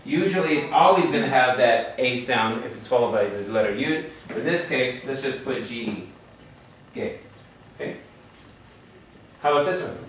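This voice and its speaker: A man's voice: mid-range voice, expressive, normal speed, pauses often, a bit bright. A man teaching a Hebrew lesson patiently, drilling the class and checking in with frequent questions. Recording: echoey room from far off, faint hum.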